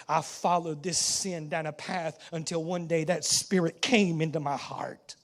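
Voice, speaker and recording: Southern preacher guy, high voice, acting out a story from the pulpit, goes from hushed to shouting. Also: steady tone, a little slow, hardly any pauses. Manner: theatrical storytelling, swinging between hushed and shouting. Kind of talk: dramatic first-person sermon monologue. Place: church sanctuary.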